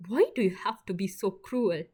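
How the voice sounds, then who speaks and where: A woman's voice: medium pitch, sing-song, moderate pace, mellow, husky. A woman voicing a proud, stubborn young woman who is hurt and near tears, answering sharply with a trembling edge. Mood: sharp, defensive.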